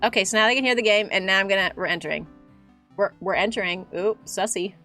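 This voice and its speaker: A woman in her twenties streaming a game, chatty and animated, laughing often. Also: medium pitch, quick pace, faint music behind. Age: 20s. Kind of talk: casual gaming chat.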